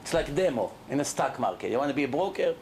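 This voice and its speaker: A middle-aged rabbi giving a lively Torah lecture to a live audience, speaking emphatically and throwing questions at the listeners. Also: male voice, medium pitch, quick pace, slight background noise.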